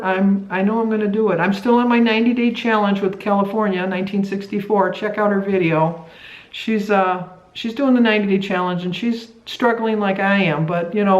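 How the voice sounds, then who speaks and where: A middle-aged woman from the United States chatting to camera in a weight-loss vlog, rambling and halting, with many restarts. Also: medium pitch, dull audio. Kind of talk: casual chat to camera. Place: a room at home. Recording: echoey room.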